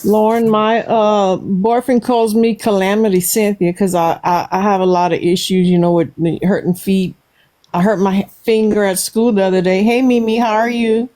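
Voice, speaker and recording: A woman's voice: mid-range voice, steady tone, normal speed, dark tone. A woman with a Cajun accent hosting a casual livestream chat, talking easily and putting questions to her viewers. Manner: chatty, asks viewers questions. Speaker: livestream host.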